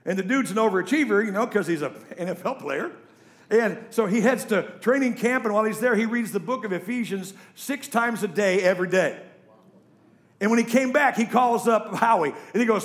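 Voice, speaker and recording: A man preaching a sermon to a congregation, animated and emphatic. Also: a little fast. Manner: animated, emphatic preaching with big pitch swings. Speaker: pastor. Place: church stage before a congregation.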